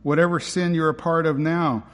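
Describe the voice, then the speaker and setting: A man's voice: fairly high pitch, steady tone, moderate pace. A man preaching a sermon in an emphatic, conversational way, often asking his listeners rhetorical questions. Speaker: pastor. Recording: long hall reverb.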